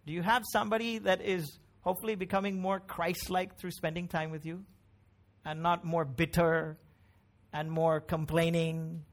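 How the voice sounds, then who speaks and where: Middle-aged pastor, man, higher-pitched, chatty yet emphatic preaching. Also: flat delivery, moderate pace. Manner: conversational, emphatic preaching with frequent tag questions. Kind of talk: sermon.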